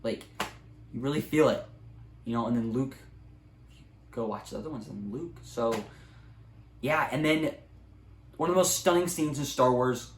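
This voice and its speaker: A man's voice: medium pitch, moderate pace, long pauses. A young man in a casual movie review, rambling with many ums and likes. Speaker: video creator. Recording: echoey room, faint ambient noise.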